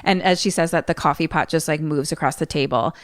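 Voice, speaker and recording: A woman co-hosting a podcast, recapping a film in an animated, chatty way full of "like". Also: low-pitched, fast, dry recording, studio quality. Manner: chatty, animated retelling with lots of "like". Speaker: podcast co-host. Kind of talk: casual movie recap chat.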